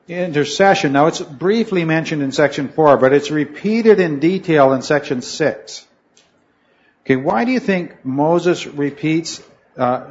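A man with a fairly high-pitched voice leads a Bible study class in a room where a fan whirs noisily. The recording is muffled, and he rambles, correcting himself mid-sentence and putting questions to his students.

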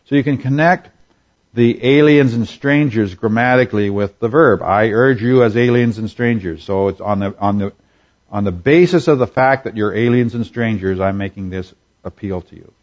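Male Bible teacher, sermon delivery, measured and explanatory, slightly low voice, dull recording. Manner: measured, explanatory, with frequent fillers and restarts.

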